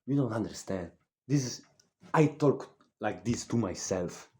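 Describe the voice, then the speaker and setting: A man's voice: on the low side, expressive, measured pace, warm tone. A nineteen-year-old man, a native Spanish speaker, delivering a blunt, profane, repetitive motivational fitness vlog monologue. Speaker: fitness vlogger.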